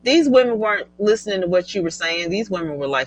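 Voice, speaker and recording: A middle-aged woman hosting a casual live stream, chatty and animated, laughing often as she reads viewer comments. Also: medium pitch, quick pace, low-quality recording. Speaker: livestream host.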